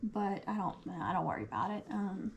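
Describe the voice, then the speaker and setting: A woman hosting a casual craft livestream, her voice a little hoarse, chatting and answering viewer comments as she works. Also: medium pitch, sing-song, brisk, dull audio, a little hiss or hum. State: losing her voice.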